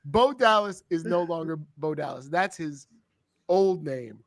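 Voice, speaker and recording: A man's voice: a little high, lively intonation, measured pace, creaky. A man co-hosting a casual wrestling chat, laughing, teasing and arguing his point. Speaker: podcast co-host.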